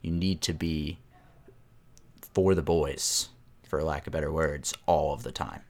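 Man, extremely deep voice, casual sports chat, laid-back, agreeable. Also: fairly even intonation, measured pace. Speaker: podcast co-host.

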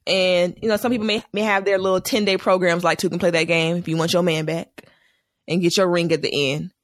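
A man hosting a casual podcast, an animated storyteller who laughs often. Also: sits high, a little fast, no room sound, studio quality. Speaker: podcast host.

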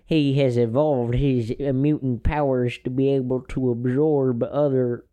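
A man's voice: mid-range voice, steady tone, measured pace, dark tone. A man with a Southern US accent, chatting on a podcast in a rambling, folksy, playfully boastful way. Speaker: podcast co-host. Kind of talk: casual podcast chat.

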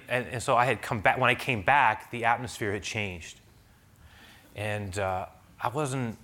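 A pastor telling a personal story in a sermon, talking conversationally with many restarts and rising to loud, high preaching at its peaks. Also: male voice.

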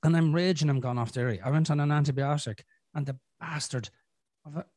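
A man's voice: fairly high pitch, brisk, darkish tone, no room sound. An Irish man hosts a casual podcast chat in a slightly raised voice. He talks frankly, swears freely and trips over restarts. A throaty cough lingers from a chest infection, and the sound is dry and close. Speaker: podcast host.

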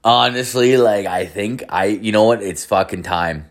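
A man's voice: on the low side, unhurried. A man in his thirties talking through a casual podcast monologue, wandering from thought to thought. He swears constantly and pokes fun at himself, restarting sentences as he goes. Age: 30s. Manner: rambling, heavily profane, self-mocking. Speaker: podcast host.

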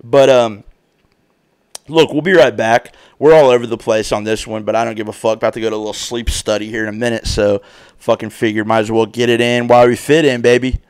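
A man in his thirties with a smooth, resonant voice at an ordinary middle pitch hosts his own podcast alone. He rambles loosely from one thing to the next, dropping slang and swearing constantly in a casual, unfiltered way. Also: steady tone, fairly quick. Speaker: podcast host. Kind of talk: casual profane podcast chat.

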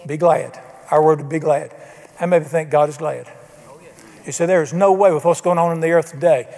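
Older pastor, emphatic folksy sermon delivery, slightly high voice, church reverb. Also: male voice, steady tone, fairly quick, darkish tone. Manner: folksy, emphatic, asks the congregation questions. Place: church sanctuary.

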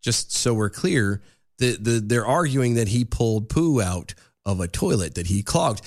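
A man in his thirties co-hosting a radio show, casual and joking, quick to laugh. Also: fairly low pitch, animated, a little mellow.

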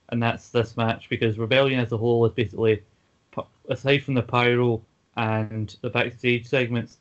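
A man co-hosting a casual podcast, ranting quickly with many fillers. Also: medium pitch. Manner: fast, filler-heavy ranting. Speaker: podcast co-host. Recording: dull lo-fi podcast audio.

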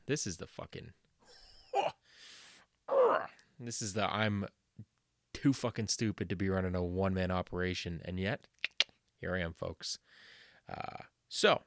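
A young man talks casually on his own podcast, rambling with plenty of fillers and self-mockery. He swears freely. His voice is lowish and the recording is close and dry. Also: no echo. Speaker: podcast host.

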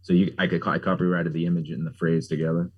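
A man's voice: deep voice, flat delivery, quick pace, muffled recording. A middle-aged man, a pumpkin carver, chatting casually as an interview guest, rambling with lots of fillers and jokes. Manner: rambling, frequent "like" fillers, jokey.

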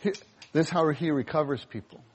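A male preacher giving a sermon, animated, acting out scenes in voices. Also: a little high, brisk, slight background noise.

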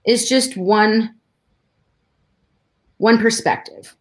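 A woman's voice: a little high, very slow. Woman telling an emotional personal story. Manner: emotional, animated storytelling with restarts. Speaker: guest.

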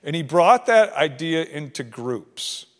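Male preacher, conversational sermon, fairly high voice, long hall reverb. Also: animated, slow pace. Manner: conversational, acts out quoted dialogue. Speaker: pastor.

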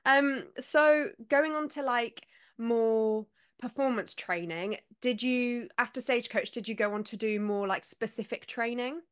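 A woman hosting a podcast interview, chatting casually and encouraging her guest with quick praise. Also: on the high side, clear, resonant tone. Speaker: podcast host.

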